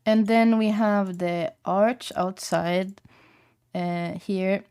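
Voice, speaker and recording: A young woman streamer chatting in a loose, rambling way. She drops swear words and laughs easily, with a voice of ordinary, mid pitch. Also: steady tone, extremely slow, darkish tone, smooth. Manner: rambling, laid-back, swears and laughs often. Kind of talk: casual chat.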